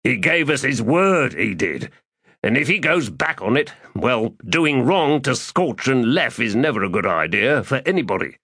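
A man's voice: mid-range voice, sing-song, moderate pace, bright, forceful tone, husky, dry recording, clean studio sound, voice pushed up, full character voice. A man voicing a nervous male petty crook who talks in a wheedling, defensive way.

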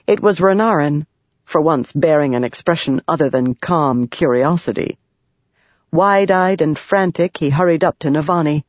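An audiobook narrator reading a fantasy novel in an even, measured way. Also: mid-range voice, dry recording. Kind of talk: scripted narration. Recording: dry, dull lo-fi sound.

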